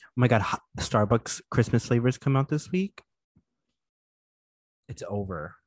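A man co-hosting a casual podcast, animated and chiming in with reactions. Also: medium pitch, measured pace, no room sound. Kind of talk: casual chat.

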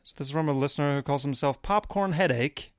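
A man co-hosting a podcast, rambling in casual banter with crude deadpan jokes. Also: on the high side, fast talker, dry recording, clean studio sound. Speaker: podcast co-host.

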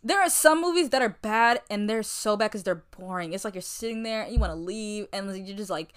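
A woman's voice: mid-range voice, animated, brisk, clean tone. A woman co-hosting a podcast from home, chatting casually, joking and rambling with frequent laughs. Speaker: podcast co-host. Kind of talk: casual chat.

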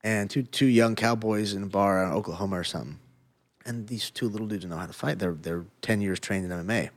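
A middle-aged man in casual conversation, an animated storyteller who swears freely and laughs often. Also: lowish voice, fairly quick. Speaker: podcast guest, former fighter.

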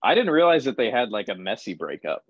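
A man's voice: lowish voice, big pitch swings, quick pace, husky, no echo. Laughing young man on a dull, dry mic. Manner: laughs often, enthusiastic. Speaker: podcast co-host. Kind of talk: casual album review chat.

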